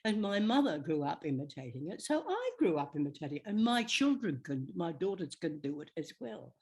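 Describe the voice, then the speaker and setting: An older woman, an actress guest telling chatty, animated stories in an interview. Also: low-pitched, fairly quick. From Australia. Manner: chatty, animated, slips into quoted voices. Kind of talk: anecdotal storytelling.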